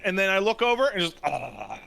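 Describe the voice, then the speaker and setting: A young adult man co-hosting a podcast in casual chat, an animated storyteller who acts out his quotes. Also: on the high side, a little slow. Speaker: podcast co-host. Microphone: studio podcast mic.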